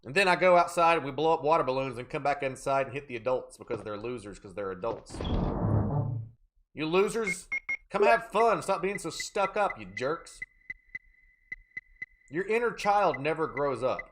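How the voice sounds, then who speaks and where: A man's voice: fairly high pitch, animated, moderate pace, long pauses, noisy background. A man live-streaming a horror game, joking around and reading out and thanking viewers from chat. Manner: joking, playful banter with chat; reads out viewer names and thanks. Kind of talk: casual live gameplay chat.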